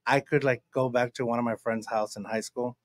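A man's voice: medium pitch, fairly even intonation, fairly quick. A man co-hosting a podcast, chatting in a laid-back, wry way. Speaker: podcast co-host. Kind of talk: casual chat.

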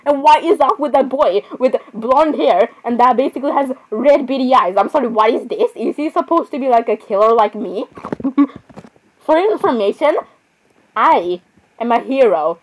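A woman's voice: fairly high pitch, fairly quick, few pauses, rough recording. A woman giving casual gameplay commentary, chatty and playfully sarcastic, laughing often. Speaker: gamer.

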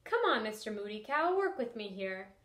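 A woman voicing a patient old grandfather from a storybook, speaking in a gentle, coaxing way. The voice sits fairly high and carries a roomy echo. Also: very animated, moderate pace. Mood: calm. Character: calm, patient old grandfather who teaches meditation.

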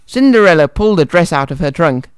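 Cheerful radio guy reading a kids' story, bit higher voice, close studio mic. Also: lively intonation, quick pace, smooth, no room sound. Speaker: radio presenter. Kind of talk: children's radio show, reading a story aloud. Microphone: studio microphone.

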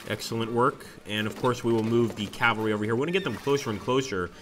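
A man's voice: medium pitch, quick pace, faint music behind. A man streaming a strategy game, commenting casually on each move and reading viewers' chat aloud. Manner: chatty, reacts excitedly to the game and reads chat aloud. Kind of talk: live gameplay commentary.

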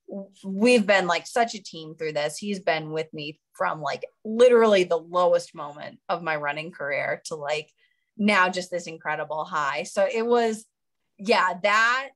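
A woman's voice: on the low side, fairly bright tone. Bubbly young American woman, giggly. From United States. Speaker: Olympic marathon runner, guest. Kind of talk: casual interview chat.

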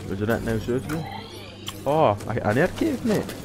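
A young man giving live gameplay commentary, excitable and profane, yelling and cheering at the game. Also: mid-range voice, moderate pace. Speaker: gamer. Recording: voice over loud game music.

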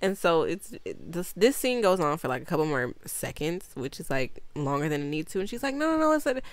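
A young woman with a fairly low voice rambles through a movie recap, stacking "like" fillers, laughing often and swearing bluntly. The sound is dry and close, with no room around it. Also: clear, resonant tone, no room sound. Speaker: movie reviewer.

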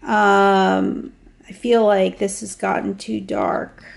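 A woman casually showing off a handmade travel journal to the camera, talking in an unhurried way with fillers and small restarts. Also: mid-range voice, big pitch swings, vocal fry. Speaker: craft vlogger. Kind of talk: casual show-and-tell narration.

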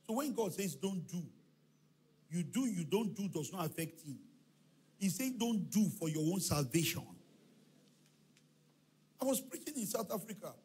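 In a church hall, a male pastor with a voice on the high side preaches a sermon at normal speed, pausing often, with a little hiss or hum in the recording. He's an animated storyteller who acts out dialogue, shouts, and chants refrains.

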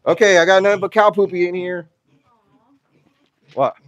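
A man vlogging outdoors while feeding his farm animals, excitable and out of breath, laughing and talking to the animals as he goes. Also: high voice, normal speed, no echo, lo-fi sound.

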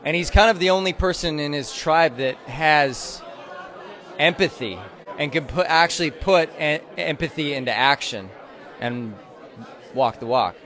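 A man, an actor, talking about his role in a reflective, halting way, outdoors at an event. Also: a little high, a bit bright, a faint crowd. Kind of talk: interview answers.

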